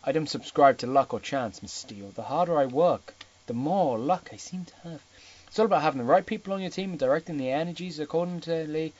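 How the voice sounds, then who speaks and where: A man voicing an arrogant young male tycoon who speaks in a cool, deadpan way. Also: on the high side, brisk, lo-fi sound, natural voice. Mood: smug. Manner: deadpan, soft-spoken.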